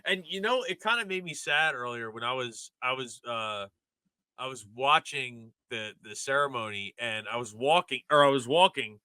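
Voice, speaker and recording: A man's voice: mid-range voice, animated, moderate pace, bright, forceful tone, clean tone, no echo. A man co-hosting a sports podcast, talking in a passionate, rambling casual way with lots of "like". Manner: passionate, rambling, heavy use of "like". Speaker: podcast co-host.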